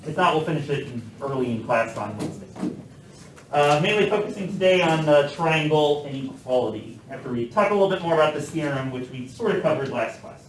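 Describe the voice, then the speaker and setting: A man teaches a math class in a relaxed, joking way, filling his pauses with plenty of uhs. His voice sits somewhat high. The recording is echoey and distant, as if taken from across a classroom with faint background noise. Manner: relaxed, joking, with many uh fillers. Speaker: math professor. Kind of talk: classroom lecture.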